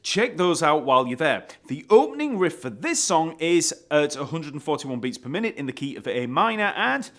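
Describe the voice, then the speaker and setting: A man teaching an online bass lesson, explaining step by step and counting beats aloud. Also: very animated, fairly quick, few pauses, a bit bright.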